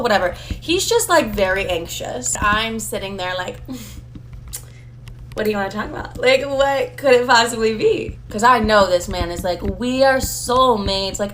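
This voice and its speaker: A woman's voice: medium pitch, a bit bright, a little hiss or hum. A young woman telling a casual, chatty story full of swearing and "like".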